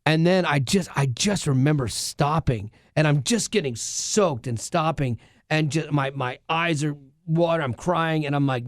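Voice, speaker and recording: A man's voice: fairly high pitch, a little slow, dry recording, clean studio sound. A man co-hosting a casual podcast, telling a personal story earnestly, with many restarts and asides. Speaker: radio show co-host.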